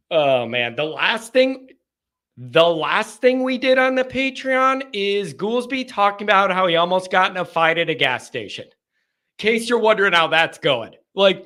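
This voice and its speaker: A man hosting a call-in show from his basement, chatting casually with animated, joking banter. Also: fairly high pitch. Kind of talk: casual chat.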